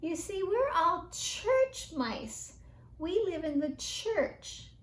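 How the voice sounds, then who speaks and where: An excitable little boy mouse from a storybook squeaks his lines high and bright, his voice leaping up and down, as a woman reading aloud puts him on. Every word comes out slow and eager. The sound carries a roomy echo. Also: exaggerated voice.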